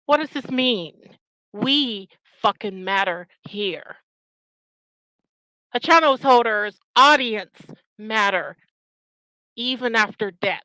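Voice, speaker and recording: A woman delivers a scornful, profanity-laced rant straight to her viewers. Her tone is bright and tense, and she takes her time as she hammers each point home. The sound is dry and close. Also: fairly high pitch, expressive, very slow, pauses often, no room sound, low-quality recording. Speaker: channel host. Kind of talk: angry ranting commentary.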